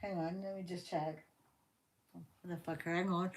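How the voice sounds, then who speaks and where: A woman's voice: fairly low pitch, little pitch movement, normal speed. A woman giving a live tarot reading, heated and fiercely protective of her viewer, swearing constantly. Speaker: tarot reader.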